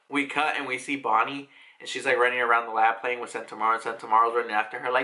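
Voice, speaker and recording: A young man casually reacting to and retelling a comic chapter, animated and profane, slipping into excited mock character voices. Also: medium pitch, fast. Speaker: manga reaction host.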